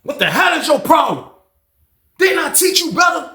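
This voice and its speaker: A man acting out an angry father who yells, curses and repeats himself in an echoey room. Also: extremely high pitch, very animated, moderate pace, voice pushed up, heavily acted. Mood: furious. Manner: yelling, cursing, repeating himself.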